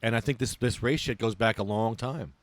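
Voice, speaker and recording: A man hosting a podcast, ranting in a casual, profane and animated way. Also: on the low side, a little fast, no echo. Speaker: podcast host.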